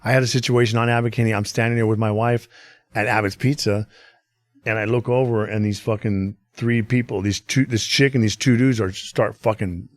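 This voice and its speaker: A man's voice: on the low side, fairly even intonation, fairly quick, dry recording, studio quality. A man telling a rambling, profane street story in casual podcast chat, full of fillers. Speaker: podcast guest.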